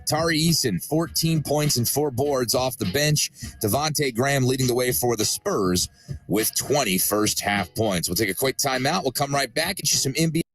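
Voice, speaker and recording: A man narrating basketball highlights as a studio host, upbeat and setting up each clip. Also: expressive, moderate pace, a bit bright, dry recording. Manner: upbeat, hyping the next clip.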